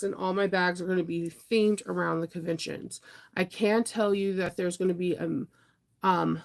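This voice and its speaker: A woman's voice: on the low side, fairly even intonation, normal speed, gravelly. Congested upbeat woman chatting on a livestream. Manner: rambling, upbeat, answers viewer comments. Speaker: vlogger. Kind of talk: casual livestream chat.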